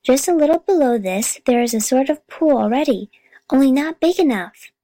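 A woman's voice: high-pitched, expressive, moderate pace, warm tone, no room sound, voice pushed up. A woman voicing a bold young girl in a storybook reading. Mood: spirited.

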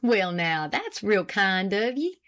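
A woman's voice: mid-range voice, big pitch swings, takes it slowly, a bit bright. A woman voicing an anxious, folksy old rustic man who talks in a drawling country dialect. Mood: earnest.

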